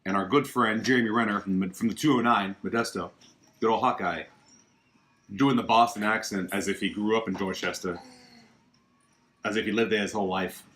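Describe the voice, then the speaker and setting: A man's voice: fairly low pitch, steady tone, brisk, long pauses, a bit bright. A man hosting a casual livestream from his living room, chatting about films with emphatic, opinionated asides. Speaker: podcast host.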